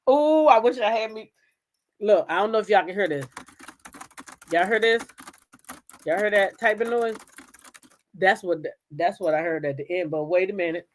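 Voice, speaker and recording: The commentary channel host here has a mid-range voice, talks at normal speed, and pauses often. She tells a courtroom story with animated, laughing drama in a casual style, frequently turning aside to address viewers.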